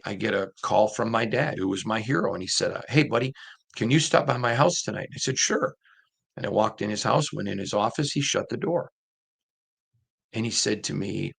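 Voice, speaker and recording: A man's voice: on the low side, creaky, fairly bright tone, breathy edge. A middle-aged man hosting a sports show, talking in an earnest, emphatic way and repeating his points for stress. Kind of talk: casual commentary monologue.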